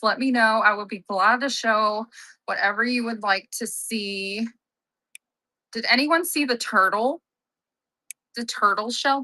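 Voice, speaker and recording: A woman's voice: medium pitch, bright, forceful tone, no echo, low-quality recording. A young woman hosting a live-selling stream, chatting casually, upbeat and often laughing at herself. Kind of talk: casual live-sale chat.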